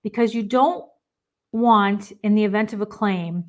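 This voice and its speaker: A woman's voice: mid-range voice, a little slow. A woman giving a webinar presentation, explaining contract terms in an emphatic, practical way. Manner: explanatory, emphatic, acts out client quotes. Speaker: risk management presenter.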